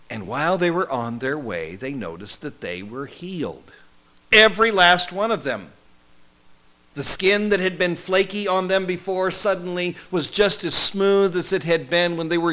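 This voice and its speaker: A man playing a male disciple who recalls his travels in a first-person monologue, wry and conversational, with lively swings in emphasis. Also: fairly high pitch, a little slow. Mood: earnest recollection. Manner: conversational, wry, animated storytelling.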